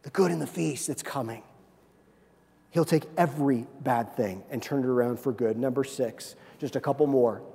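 A man preaching a sermon as pastor, swinging between hushed lines and emphatic, rising ones. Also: mid-range voice, moderate pace, vocal fry. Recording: reverberant hall.

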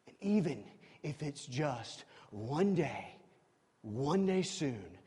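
A man preaching a sermon in a church, emphatic, swinging from loud exclamations to quiet, confiding asides. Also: a little high, sing-song, slow, slightly rough. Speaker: pastor. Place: church sanctuary. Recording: long reverb of a large hall.

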